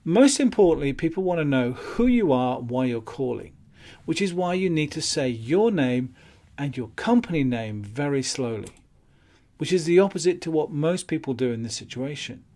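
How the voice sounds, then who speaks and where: Sales trainer guy, calm and matter of fact, bit higher voice. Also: normal speed. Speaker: business skills trainer. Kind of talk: instructional talk on phone sales.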